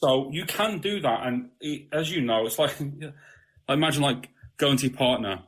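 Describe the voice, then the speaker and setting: A man's voice: medium pitch, moderate pace, a bit bright. A man, a podcast guest in casual spiritual conversation, blunt and swearing freely, often asking "you know what I mean".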